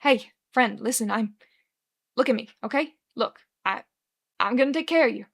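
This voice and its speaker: A frazzled, wisecracking bartender man who swears constantly and talks in old-time slang, as a woman acts him out. The voice sits fairly high and pushes loud, cutting through a busy room. It comes from a dramatic fanfiction reading. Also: normal speed. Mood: soft worried. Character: brash, fast-talking male bartender, frazzled.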